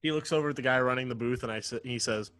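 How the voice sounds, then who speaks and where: Bright-voiced man playing a tabletop game. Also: medium pitch, very fast, clean tone. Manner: amused, describes his character's actions. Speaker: player. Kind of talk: casual game chat.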